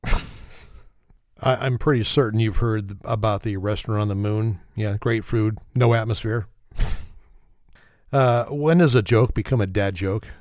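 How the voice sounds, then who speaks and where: A man with a fairly low voice reels off dad jokes one after another. He mocks himself and laughs at his own puns. The sound is close and dry, with no room echo. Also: a little slow, long pauses, darkish tone. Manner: self-mocking, chuckles at his own jokes. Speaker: joke teller. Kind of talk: telling dad jokes to camera.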